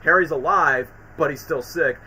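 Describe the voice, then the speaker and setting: Streamer, male, bright and somewhat high, excitable recapper who acts out the scenes. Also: normal speed, slight background noise, low-quality recording. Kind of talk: casual commentary.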